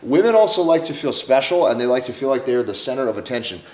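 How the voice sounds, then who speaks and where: Man coaching in a slow, deliberate voice. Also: medium pitch, expressive. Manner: slow, deliberate delivery with soft acted-out examples. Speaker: dating coach. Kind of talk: instructional monologue to camera. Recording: echoey room.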